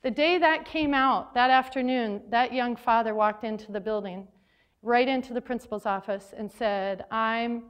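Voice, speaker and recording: High-voiced woman telling classroom stories. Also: moderate pace, clear, resonant tone. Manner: lively storytelling with quoted dialogue. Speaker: journalism advisor and teacher. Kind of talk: conference talk to teachers. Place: forum hall.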